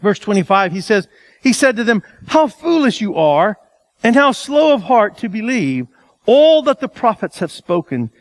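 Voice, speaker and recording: A male pastor preaching a sermon in an animated, conversational way, asking the congregation rhetorical questions. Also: high-pitched, normal speed, no room sound.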